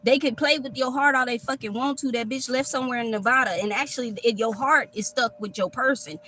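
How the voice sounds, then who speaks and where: Bright, brash woman tarot reader. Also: on the high side, a little fast. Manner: blunt, profane, animated. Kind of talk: live tarot reading. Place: outdoors at a park. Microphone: phone.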